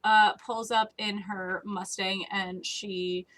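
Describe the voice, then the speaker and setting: A woman's voice: medium pitch, flat delivery, slow, fairly bright tone. A woman narrating a tabletop game as game master, rambling with many fillers. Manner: rambling, laughs often, lots of fillers.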